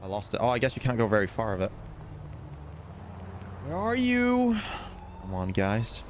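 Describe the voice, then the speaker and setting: A man streaming a roleplay game, excitedly repeating himself and issuing in-character threats. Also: fairly low pitch, fast, slight background noise. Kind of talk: live game commentary.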